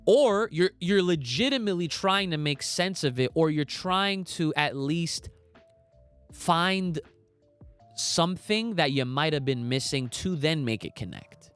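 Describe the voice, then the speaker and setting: A man's voice: on the high side, expressive, measured pace, fairly bright tone, smooth, soft background music. A young man hosting a casual podcast livestream, talking emphatically in slangy, swearing rants and reading out chat comments. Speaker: podcast host.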